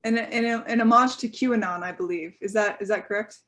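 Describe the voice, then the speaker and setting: A woman's voice: mid-range voice, fairly quick, fairly bright tone. Playful teasing woman podcast host. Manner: playful, teasing, laughs easily. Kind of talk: casual chat.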